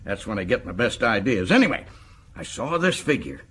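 A man's voice: lowish voice, sing-song, fairly quick, fairly bright tone, husky, exaggerated voice. An actor playing a boastful, chatty male prison governor, who stumbles over his words in a radio drama. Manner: boastful, stumbling, chuckling often.

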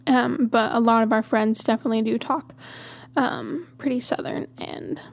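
A Montana woman hosts a podcast in a casual monologue, chatty, rambling and easily amused. Her gravelly voice is a little high, with fairly even intonation at a moderate pace.

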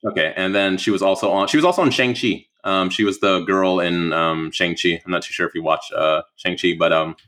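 Young man, low voice, casual conversation, halting and rambling. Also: fairly bright tone. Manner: rambling, many fillers and restarts. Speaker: guest.

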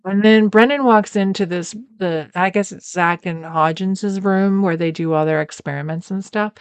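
A woman's voice: mid-range voice, normal speed, clear, resonant tone, dry recording. A woman co-hosting a podcast, casually recapping a TV episode and acting out characters' lines. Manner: animated, mimics characters in quotes. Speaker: podcast co-host.

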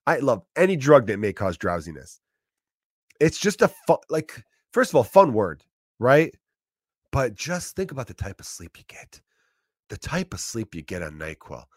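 A man's voice: medium pitch, big pitch swings, moderate pace, dry recording, clean studio sound. A man in his thirties with a profane, rambling style in a casual comedic monologue.

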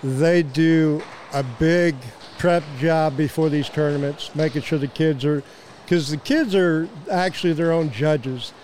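A man's voice: fairly high pitch, a little slow, darkish tone, a little hiss or hum. A man with a Midwestern American accent who organizes youth archery, explaining tournament logistics in casual conversation. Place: outdoor venue at a fairgrounds.

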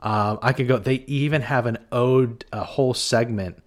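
A man co-hosting a podcast in casual chat, animated and joking. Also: medium pitch, normal speed. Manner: animated and joking, with laughs and bits of quoting. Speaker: podcast co-host.

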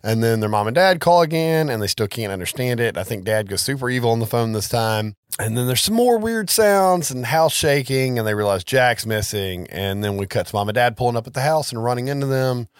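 A man's voice: medium pitch, animated, brisk, hardly any pauses, smooth, no echo, studio quality. Casual man recapping a movie. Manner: loose, profane storytelling with many "like"s. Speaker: podcast co-host recapping a film. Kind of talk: casual chat.

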